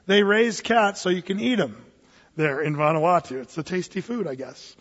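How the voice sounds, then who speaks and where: A man preaching a sermon, telling a story with humor, many restarts and sudden loud bursts. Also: sits high, moderate pace. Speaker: pastor. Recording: dull sound with long reverb in a hall.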